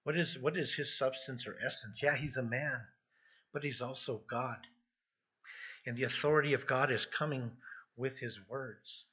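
Bright, husky-voiced man preaching. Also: mid-range voice, steady tone, normal speed. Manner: earnest, repeats words when emphasizing. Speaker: pastor. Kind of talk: expository sermon. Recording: dull lo-fi sound.

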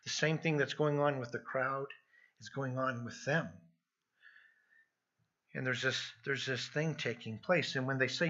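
A man's voice: medium pitch, measured pace, long pauses, fairly bright tone. A middle-aged man preaching an expository sermon as pastor, earnest and often repeating words as he presses a point. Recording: dull lo-fi sound.

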